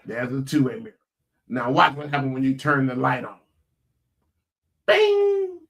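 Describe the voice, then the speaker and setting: A man hosting a casual live stream from a home computer setup, talking about side businesses in an animated, incredulous way with lots of restarts. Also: mid-range voice, brisk, vocal fry. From Florida. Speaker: host.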